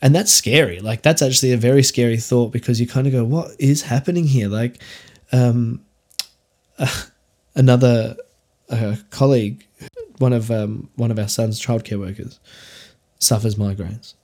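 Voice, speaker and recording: A man's voice: medium pitch, fairly even intonation, normal speed, pauses often, a little mellow. A young Australian man hosting a solo podcast, talking candidly in a rambling way with many fillers and restarts. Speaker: podcast host.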